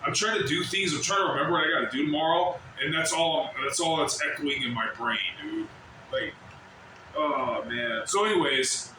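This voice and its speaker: High, bright-voiced man ranting in an echoey space. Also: distant mic, noisy background. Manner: swearing, rambling, mimics shouts of others. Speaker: vlogger. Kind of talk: casual rant to camera. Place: at work. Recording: very echoey, from off the mic.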